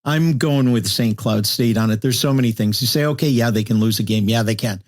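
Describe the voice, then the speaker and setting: A man's voice: mid-range voice, fairly quick. A man moderating a casual hockey betting chat, steadily running through odds and records. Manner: steady, lists stats methodically. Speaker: podcast host, moderator. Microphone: remote call mic.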